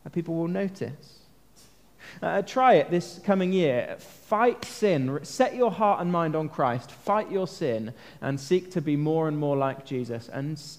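Earnest preacher in a reverberant hall. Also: male voice, fairly high pitch, creaky, darkish tone. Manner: earnest, conversational, asks questions of listeners. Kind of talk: sermon. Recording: long reverb of a large hall.

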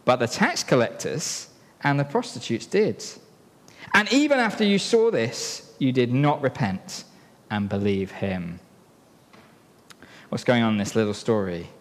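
A man preaching a sermon in a church, telling a story and drawing helpers into it in a playful, lively way. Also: mid-range voice, measured pace, pauses often. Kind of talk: sermon with a live object lesson. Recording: long reverb in a hall.

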